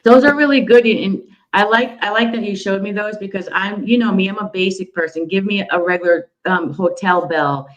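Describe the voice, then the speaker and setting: A woman's voice: medium pitch, a little fast, hardly any pauses, rough recording. Plainspoken woman guest on a call. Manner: plainspoken, animated when explaining. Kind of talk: casual video-call chat.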